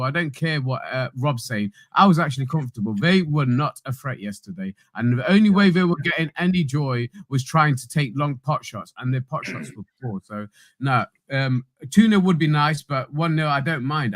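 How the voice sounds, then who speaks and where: Casting: animated man, dry call audio, stop-start delivery. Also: medium pitch, a little fast, dry recording. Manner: restarts his point often, laughs it off. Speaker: panelist on a fan show. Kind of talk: casual chat.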